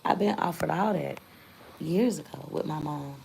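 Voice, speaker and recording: Woman, young adult, low gravelly voice, emphatic, candid vlog talk. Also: moderate pace, a little mellow, a little hiss or hum, low-quality recording. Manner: candid, emphatic, repeats points for force. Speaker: vlogger. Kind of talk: casual storytelling to viewers.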